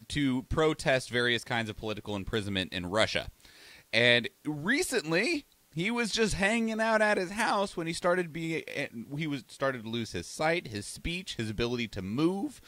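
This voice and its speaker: A man's voice: mid-range voice, sharp tone, no room sound. A man co-hosting a podcast, chatting loosely, reading news out, laughing and swearing as he goes. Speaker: podcast co-host. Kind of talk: casual chat, reading news.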